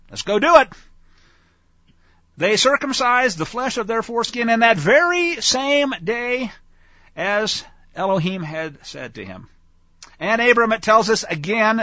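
A man talks through Scripture in a folksy, conversational way and often turns aside to his listeners. His voice sits high and swings widely in pitch, with a bright edge. The recording is dry and somewhat dull and lo-fi. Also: dry recording. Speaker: Bible teacher. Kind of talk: conversational Bible teaching.

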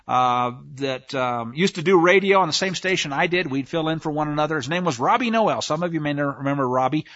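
A man's voice: on the high side, sharp tone, no room sound, highs cut off. A man hosting a talk radio show in a rambling, emphatic monologue, with frequent restarts. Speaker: radio host.

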